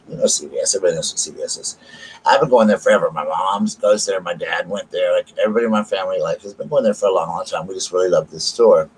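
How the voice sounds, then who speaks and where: A man's voice: low-pitched, a little hiss or hum, rough recording. A man with a Southern American accent chatting casually to camera, rambling and repeating himself as he retells an argument. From United States. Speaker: vlogger. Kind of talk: casual storytelling chat to camera.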